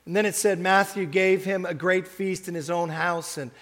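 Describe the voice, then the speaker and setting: An older man preaching a sermon, telling a story in a lively way and surging into loud emphatic bursts as he acts out what people said. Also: high voice, normal speed, long reverb tail.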